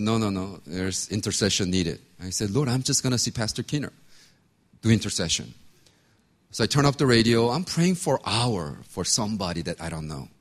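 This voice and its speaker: Animated man telling a sermon story. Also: lowish voice. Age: 50s. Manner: animated storytelling, acts out voices, laughs often. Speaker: pastor.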